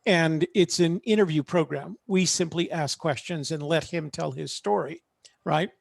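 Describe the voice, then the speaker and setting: A man on a video call making a sales pitch in a halting way, full of fillers. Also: creaky, no room sound, clean studio sound. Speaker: panel attendee offering live-stream production. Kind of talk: casual online panel chat. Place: home studio.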